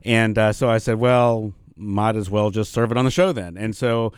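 A man's voice: lowish voice, steady tone, normal speed, clean tone. A man co-hosting a wine radio show, chatty and informative, laughing easily. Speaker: wine auction director, co-host. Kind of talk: casual radio chat.

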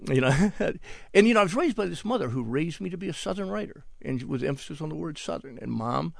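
A man's voice: fairly high pitch, lively intonation, fast, creaky, no room sound. An older man and author, reading his own prose and then chatting on a radio call-in show in a wry, self-deprecating way. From American South. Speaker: guest author. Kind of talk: reading aloud and radio interview chat.

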